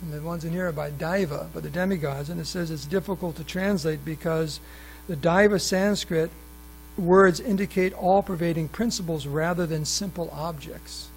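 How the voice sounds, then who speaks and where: A man's voice: fairly high pitch, steady tone, normal speed, vocal fry, a little hiss or hum, low-quality recording. A man giving a scripture class, reading passages aloud and adding asides and questions for the audience, often restarting his sentences. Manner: frequent restarts and fillers. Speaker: class speaker at a temple. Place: temple hall.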